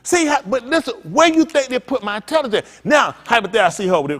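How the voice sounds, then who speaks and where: Lively high-pitched preaching man. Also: rapid-fire. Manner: animated, joking, talks to the congregation. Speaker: pastor. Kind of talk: freewheeling preaching with comic asides.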